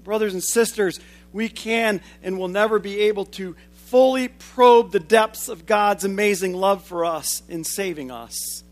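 Man preaching, high voice, forty-something, emphatic bursts then hushed low lines. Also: measured pace. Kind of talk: sermon.

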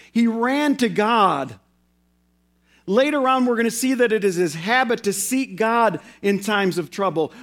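A male pastor preaching a sermon in an earnest way, slowing down and repeating phrases for emphasis. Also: high voice, fairly bright tone.

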